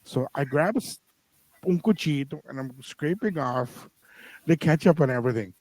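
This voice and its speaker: A man's voice: fairly high pitch, animated, moderate pace, a little mellow, dry recording, rough recording. A man co-hosting a podcast, telling a family story in casual talk that mixes in Spanish phrases and acts out the people in it. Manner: switches between English and Spanish phrases. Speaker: podcast co-host.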